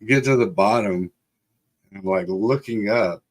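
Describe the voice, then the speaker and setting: Middle-aged male host, slightly low voice, rambling casual storyteller. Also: measured pace. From Texas. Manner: laid-back, rambling, laughs often, lots of fillers. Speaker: livestream host.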